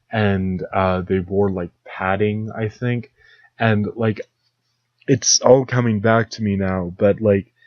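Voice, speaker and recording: A young man talks through a solo podcast at a slow, unhurried pace, his voice sitting a little low. He rambles with dry sarcasm and drops into mocking impressions. The recording is dull, lo-fi and dry. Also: a little mellow, dry recording. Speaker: podcast host. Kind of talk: solo comedic podcast monologue.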